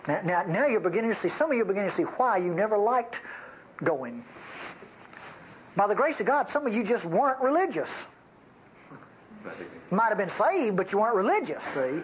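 A man's voice: sits high, sing-song, brisk, long pauses. A male preacher delivers a folksy, bantering sermon. His voice rises and falls a lot as he jokes with the congregation. The recording is dull and lo-fi, with faint noise behind.

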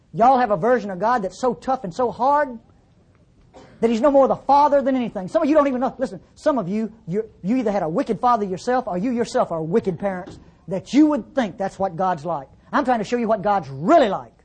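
A woman's voice: on the high side, a little mellow, slightly rough. A woman preaching a sermon in a conversational, teasing way, full of rhetorical questions.

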